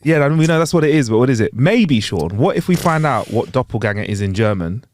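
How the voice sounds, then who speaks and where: A man's voice: mid-range voice, lively intonation, fast, a little hiss or hum. A man co-hosting a podcast, full of jokey, slangy banter. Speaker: podcast co-host. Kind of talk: casual chat.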